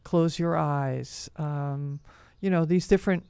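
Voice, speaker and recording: A woman co-hosting a casual conversation, speaking in a gentle, encouraging way and often murmuring agreement. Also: low voice, slow, creaky, clear, resonant tone, dry recording. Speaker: co-host.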